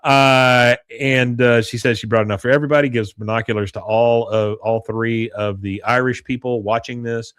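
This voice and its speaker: A man's voice: mid-range voice, steady tone, normal speed, few pauses, a bit bright, clean tone, dry recording. Dry-sounding man retelling a TV episode. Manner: retells scenes, acting out lines in brief voices. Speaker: podcast co-host. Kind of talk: casual recap of a TV episode.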